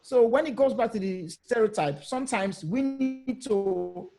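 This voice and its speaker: A man's voice: high-pitched, animated, unhurried. A man arguing his point on a video panel discussion, emphatic and direct, often repeating phrases and challenging listeners. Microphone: video call.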